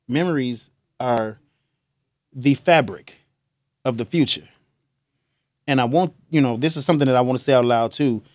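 A man's voice: medium pitch, a little mellow, no echo, studio quality. A young man hosting a podcast, talking in a loose, joking monologue and laughing often. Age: young adult. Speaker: podcast host. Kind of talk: casual monologue.

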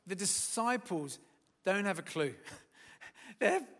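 A man delivers a sermon in a bright, forceful voice. He swells to loud, emphatic peaks, then sinks to quiet, firm words. A long hall reverb trails behind him. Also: high-pitched, animated, slow. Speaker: preacher.

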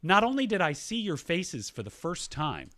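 Fast-talking guy in his 30s reading listener mail on a podcast, bright bouncy voice, pretty high, dry sound. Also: dry recording. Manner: quick-talking, animated, reads emails aloud with quips. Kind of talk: casual podcast chat.

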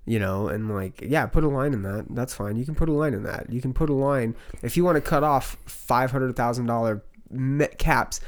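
A man co-hosting a podcast in casual chat, swearing freely and joking in quick repeated bursts. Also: medium pitch. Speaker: podcast co-host.

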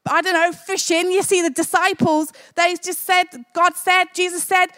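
A woman's voice: extremely high pitch, level tone, moderate pace, a bit bright. A woman preaching a sermon in a church, conversational and jokey, building to fervent exclamations.

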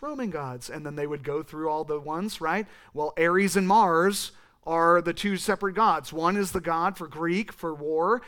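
High-voiced animated young man preaching. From California. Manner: animated, rambling teaching with asides to the congregation. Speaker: pastor. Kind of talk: sermon.

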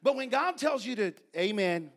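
A man preaching a sermon, telling folksy stories and building to repeated, shouted refrains. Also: high-pitched, expressive, normal speed. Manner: folksy storytelling.

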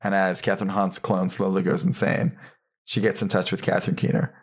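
A man's voice: deep voice, level tone, brisk. A man co-hosting a podcast in a casual chat, joking in a dry way. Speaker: podcast co-host.

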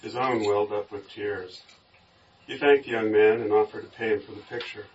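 A man in a Bible study group reading a story aloud in a steady storytelling voice, recorded from a distance with a dull sound. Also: on the low side, normal speed, a little hiss or hum.

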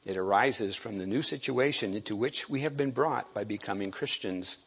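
A man giving a sermon, halting and restarting often and clearing his throat. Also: on the low side, fairly bright tone. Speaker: preacher.

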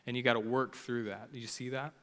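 A man's voice: medium pitch, steady tone, quick pace, sharp tone, long reverb tail. A man preaching a casual sermon, talking informally with lots of "like" fillers. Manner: chatty, informal, many "like" fillers.

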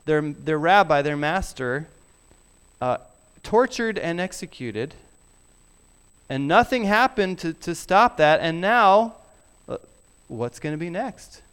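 A middle-aged man preaching a sermon, emphatic and deliberate, sometimes dropping his voice very low. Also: animated, clean tone. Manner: slow, emphatic preaching with soft drops to near whisper. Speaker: pastor.

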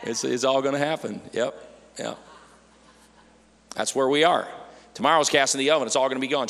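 A man preaching a lively, playful sermon to a church congregation, acting out worried voices for laughs. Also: mid-range voice, brisk, gravelly, pauses often. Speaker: pastor. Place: church sanctuary. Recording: church hall with long reverb.

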